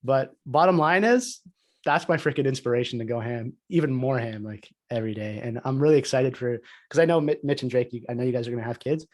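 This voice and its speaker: On a podcast, a male co-host with a mid-range voice tells a personal story at a quick pace. The chat is casual, and his storytelling is animated and packed with "like" fillers.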